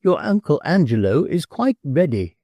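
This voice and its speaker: Bossy countess, a man playing her higher than his own voice, fussy, commanding, storybook reading. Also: very animated, normal speed, warm tone, dry recording. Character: bossy talkative middle-aged countess.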